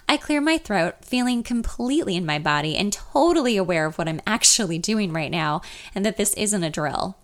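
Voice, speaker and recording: A woman's voice: mid-range voice, lively intonation, a little fast, few pauses. A young woman narrating a first-person audiobook in a nervous, confessional inner voice.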